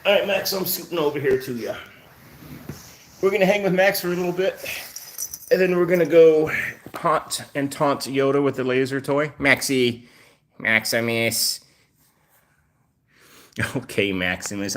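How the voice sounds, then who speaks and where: A man hosts a relaxed live stream from home with his rescue cats around him. He reads out viewer names one by one and answers them in a chatty, unhurried way, often pausing on fillers. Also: medium pitch. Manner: chatty, greets viewers by name, many fillers. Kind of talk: casual live stream chat.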